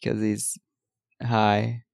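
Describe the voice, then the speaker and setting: A man's voice: on the low side, completely flat delivery, extremely slow, vocal fry, a little mellow, no room sound. A man co-hosting a podcast, chatting casually and retelling movie scenes with lots of laughter. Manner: laughs often, retells scenes with quoted lines. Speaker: podcast co-host recapping a movie. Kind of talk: casual chat.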